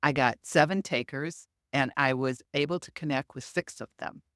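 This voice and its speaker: A woman's voice: very deep voice, normal speed, dry recording, clean studio sound. A middle-aged woman, a medium and podcast guest, telling anecdotes in an interview and acting out the quoted dialogue. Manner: animated, acts out quoted dialogue.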